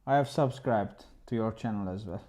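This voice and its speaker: Halting male chess streamer. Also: fairly low pitch, warm tone. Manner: halting, with many restarts, chatting with viewers. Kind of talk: casual livestream chat.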